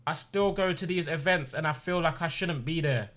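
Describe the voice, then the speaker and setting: Streaming from a room at home, this twenty-something man talks about personal, emotional matters in a fairly bright, somewhat high voice at a moderate pace. He sounds earnest and impassioned, driving points home by repeating phrases.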